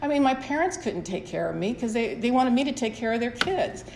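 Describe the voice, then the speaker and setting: Fairly quick and lively in intonation, this middle-aged woman has a high, gravelly, darkish voice. She gives a candid, rambling personal share at a support meeting, restarting often, in an echoey room with faint ambience and slight background noise.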